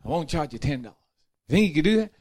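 A man voicing an easygoing male pilot, speaking in a relaxed, conversational way. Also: a little high, racing. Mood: polite.

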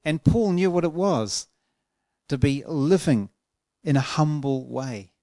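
A man preaching a sermon in an earnest, emphatic way, slowing down to stretch out key words. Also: on the high side, expressive, warm tone, no echo, clean studio sound.

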